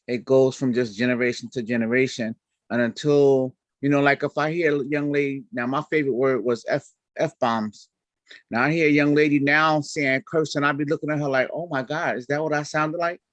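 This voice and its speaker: A man's voice: mid-range voice, fairly quick, no room sound. A man, a church elder, candidly sharing personal testimony in a video-call discussion, acting out his own reactions. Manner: candid, animated, acts out quoted reactions.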